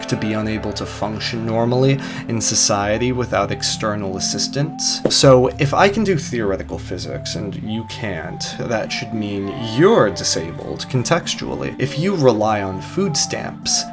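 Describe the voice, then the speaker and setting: A man delivering an argumentative monologue as a video essayist, in a sardonic, provocative, ranting manner. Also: on the low side. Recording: clear music bed under the voice.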